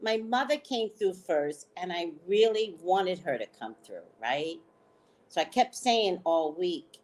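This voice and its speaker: Slow-talking woman with a lively voice. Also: fairly low pitch, a little hiss or hum. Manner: animated, laughing, keeps checking in with 'right?'; frank, salty slang. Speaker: host. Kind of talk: casual storytelling chat.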